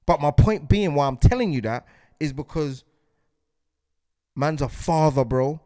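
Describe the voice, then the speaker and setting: A fired-up man in his forties holds forth as a podcast host, his voice sitting high for a man. He circles back over his points again and again, checking in with "do you get what I'm saying." The recording is dry and close, with no room sound. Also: expressive, measured pace, warm tone, dry recording. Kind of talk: impassioned podcast monologue.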